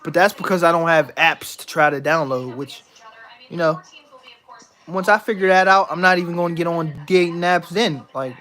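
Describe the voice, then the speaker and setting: A man's voice: on the high side, normal speed, bright, forceful tone. A young man talking straight to camera in a rambling, repetitive way, swearing and acting overconfident. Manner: rambling, repeats himself, swears, mock-confident. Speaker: vlogger. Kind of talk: casual venting monologue to camera.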